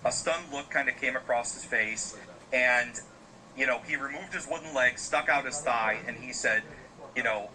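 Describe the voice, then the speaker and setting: Male podcast host, casual storyteller, rambling with fillers, mid pitch, crowd noise behind. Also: moderate pace, low-quality recording. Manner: loose, rambling, frequent fillers.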